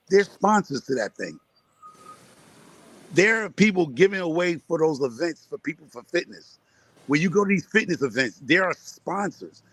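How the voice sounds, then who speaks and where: His voice sits a little high, with a slightly bright yet husky quality. In a casual gardening live chat, this man from Connecticut rallies listeners, sounding repetitive and preachy.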